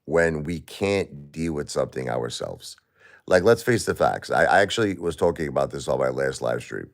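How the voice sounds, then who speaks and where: A middle-aged man live-streaming while grieving, talking to his chat in halting, repetitive, emotional bursts. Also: extremely low pitch, animated, creaky.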